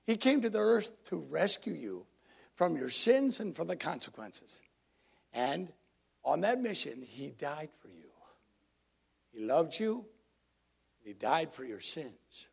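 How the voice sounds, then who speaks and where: Husky preacher guy talking with his church, a bit high, chatty and lively. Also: slow, pauses often. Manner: conversational, drawing in the congregation. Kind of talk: sermon. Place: church congregation.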